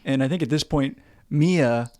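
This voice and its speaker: A man's voice: medium pitch, a little slow, dark tone, no room sound, studio quality. Man chiming in on a podcast. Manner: chiming in, finishing the other's sentences. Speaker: podcast co-host. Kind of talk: casual film recap chat.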